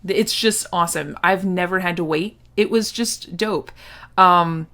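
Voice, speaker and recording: A woman's voice: fairly low pitch, measured pace, pushed and bright. Chatty woman hosting a podcast. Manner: bubbly, says "like" a lot. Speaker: podcast host. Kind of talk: casual chat.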